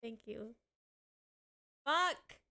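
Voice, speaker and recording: A woman's voice: a little high, expressive, drawn-out words, creaky, sharp tone. A woman streaming live, chatting casually, giggling, swearing and teary as she thanks her viewers.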